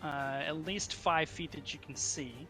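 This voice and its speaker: A man narrating as dungeon master, halting often with ums and uhs. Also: fairly high pitch, over music. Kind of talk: narrating a tabletop game.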